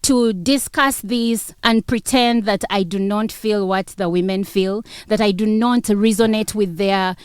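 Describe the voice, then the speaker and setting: A woman's voice: medium pitch, steady tone, measured pace, hardly any pauses, smooth, no room sound, studio quality. A woman with a Ugandan English accent, co-hosting a radio show, arguing her point insistently and repeating herself to hold the floor. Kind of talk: heated studio debate.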